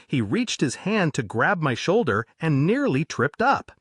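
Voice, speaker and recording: Husky man narrating a horror story. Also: on the high side, measured pace, few pauses, no echo, clean studio sound. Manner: lively, dramatic storytelling.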